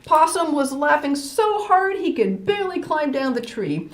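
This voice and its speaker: An older woman reading a folk tale aloud as storyteller host, animated with playful asides. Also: high voice, normal speed. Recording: roomy echo.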